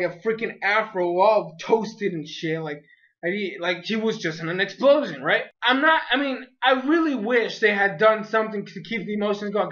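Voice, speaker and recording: An anime reviewer talking casually through an episode, chatty and full of "like", retelling scenes with animated energy. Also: mid-range voice. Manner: chatty, peppered with "like". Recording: dull lo-fi recording.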